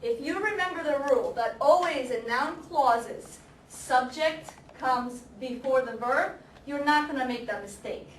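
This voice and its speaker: A woman teaching an English grammar class, speaking slowly and deliberately, repeating example sentences and quizzing her students. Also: high voice, fairly bright tone. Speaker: ESL teacher. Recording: echoey classroom, camera far off, faint noise.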